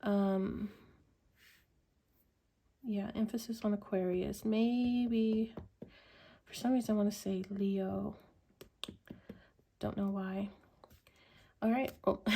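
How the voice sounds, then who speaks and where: Mellow-voiced woman reading tarot. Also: medium pitch. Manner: slow, musing, with many ums and likes. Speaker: tarot reader.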